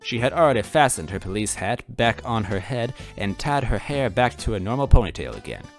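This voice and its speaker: A man reads a story aloud in the first person with an animated, lively delivery. He breaks off for wry asides to the listener, and faint music plays underneath. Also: lowish voice, a little fast. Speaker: story reader. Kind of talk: dramatic fan-fiction reading.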